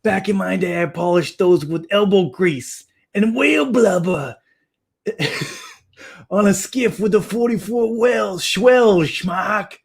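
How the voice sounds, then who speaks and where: A man voicing a boastful, gruff old-timer sailor who teases in a mock-grumpy way. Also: sits high, slow pace, full character voice.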